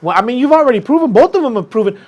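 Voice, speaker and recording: A man co-hosting a combat sports podcast, telling a story in casual chat and jumping into a higher voice when he acts out what people said. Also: very fast, dull audio. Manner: animated, acts out quoted people in a raised voice. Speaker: podcast host.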